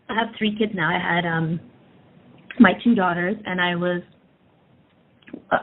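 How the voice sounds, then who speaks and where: A woman's voice: lowish voice, creaky. A woman in her thirties telling a personal story in a candid, casual way with lots of fillers. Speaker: energy work practitioner. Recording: tinny phone-like audio.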